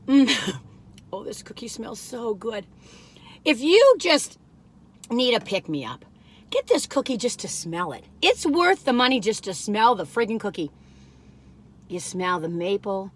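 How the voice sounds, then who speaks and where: A chatty woman reviewing food, with a somewhat high voice that swoops up and down a lot. She gushes and giggles easily and drifts off into rambling asides. Her talk is loose and casual. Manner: giggly, laughs often; excitable and gushing. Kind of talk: casual chat.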